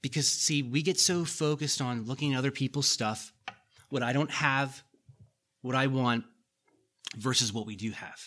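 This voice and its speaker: A middle-aged pastor delivers his sermon at an ordinary pace, his mid-range voice a bit bright. His style is conversational, with repeated key lines and homespun asides to the congregation.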